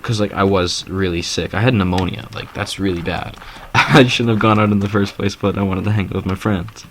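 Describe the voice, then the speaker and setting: A man's voice: on the low side, steady tone, fairly quick, fairly bright tone, a little hiss or hum. A teenage boy telling a story casually, rambling with lots of fillers and laughing often.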